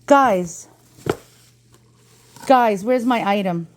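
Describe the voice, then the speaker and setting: A woman's voice: medium pitch, drawn-out words, slight background noise. A woman with an East Coast American accent, talking in a chatty and dramatic way in a casual unboxing vlog, swearing freely. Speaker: antiques reseller vlogger.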